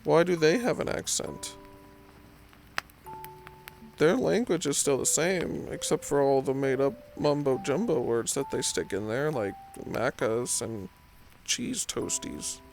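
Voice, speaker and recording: A man's voice: mid-range voice, animated, unhurried, creaky, darkish tone, soft background music. A young man from California with a Californian accent, rambling in meandering late-night pillow talk and filling it with "like" and "um". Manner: meandering, self-deprecating, lots of "like" and "um". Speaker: host.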